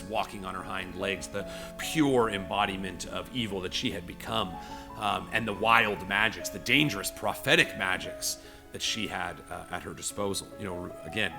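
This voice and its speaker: A man's voice: on the low side, vocal fry. A man narrating a tabletop game as game master, rambling with many fillers. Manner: rambling, filler-heavy storytelling.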